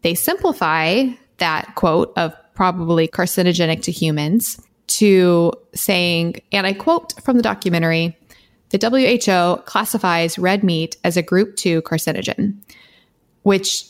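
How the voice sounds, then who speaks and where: A woman with a fairly low voice talks on a podcast. She reads her own writing aloud, earnest and impassioned, laughing lightly now and then. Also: measured pace. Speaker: podcast co-host. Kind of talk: casual podcast chat, reading her own blog post aloud.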